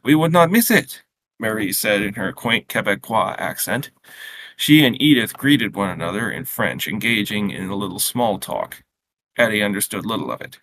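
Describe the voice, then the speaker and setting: A man reading his own short story aloud in a steady, unhurried way, with small slips and restarts. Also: on the low side, slight background noise.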